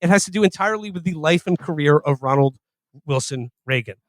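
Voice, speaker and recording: A man's voice: fairly high pitch, lively intonation, fairly quick, no echo. A man co-hosting a comedy podcast, talking in a rambling, mocking way with frequent laughs. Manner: rambling, laughing, mocking mock-Russian impressions. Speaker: podcast co-host. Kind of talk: casual comedic chat.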